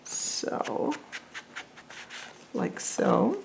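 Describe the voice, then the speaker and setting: A woman's voice: extremely slow, noisy background. A woman vlogging as she makes paper crafts, chatty and thinking aloud as she works. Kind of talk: casual crafting chat.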